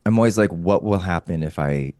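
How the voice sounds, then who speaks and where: A man in casual chat, an animated storyteller who swears and laughs often. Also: deep voice, a little fast, dry recording, studio quality. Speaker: podcast guest, comedian.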